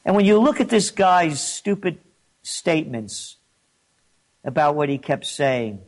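A man's voice: a little high, animated, measured pace. A man hosting an opinion commentary, indignant and mocking, his voice rising when he gets riled. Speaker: host.

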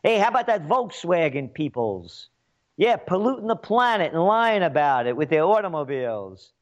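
A scornful man delivers a mocking political rant in a high-pitched voice. His tone swings widely as he jeers. The recording sounds muffled and lo-fi. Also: big pitch swings, moderate pace. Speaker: political commentator. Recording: dull lo-fi recording.

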